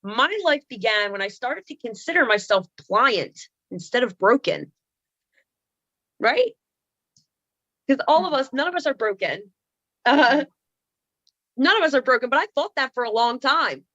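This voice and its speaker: A woman in her thirties tells funny, self-mocking stories over a video call, full of sassy playful asides. Her voice sits high and bright, leaping up and down in pitch. The sound is dry and a little dull, like a laptop mic. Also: animated, measured pace, pauses often, no echo. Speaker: comedian and speaker. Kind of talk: comedic storytelling on a video call. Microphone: computer mic on a video call.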